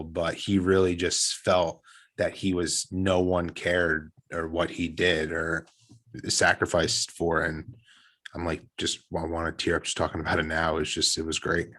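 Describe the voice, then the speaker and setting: A man's voice: sits low, a bit bright. A man co-hosting a podcast, talking casually and earnestly, rambling with restarts. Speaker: podcast co-host. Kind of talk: casual chat.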